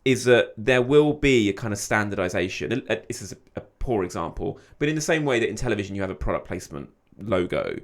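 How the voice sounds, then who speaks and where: A man speaking as a guest on a media podcast, animated and repeating words as he thinks aloud. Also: lowish voice, fast talker, hardly any pauses. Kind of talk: casual media discussion.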